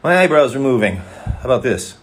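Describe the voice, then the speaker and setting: A man's voice: mid-range voice, sing-song, a little fast, a little hiss or hum. A voice actor chatting casually and joking with viewers while he signs autographs on a livestream. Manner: playful, jokey, rambling. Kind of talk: casual chat.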